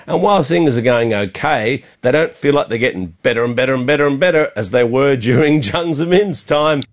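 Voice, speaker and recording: A man correspondent giving news analysis in a conversational way, speeding up in quick bursts. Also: medium pitch.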